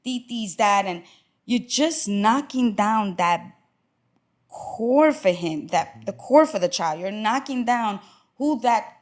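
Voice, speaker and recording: A woman's voice: mid-range voice, animated. A woman talking as a podcast guest in casual chat, earnest and emphatic. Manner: earnest and emphatic, quick reactions.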